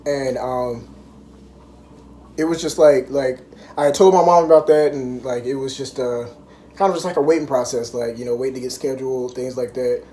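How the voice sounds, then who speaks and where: Young man rambling casually, mellow voice. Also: mid-range voice, fairly even intonation, normal speed, a little hiss or hum. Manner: rambling, many "like" and "um" fillers. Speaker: vlogger. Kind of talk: casual chat.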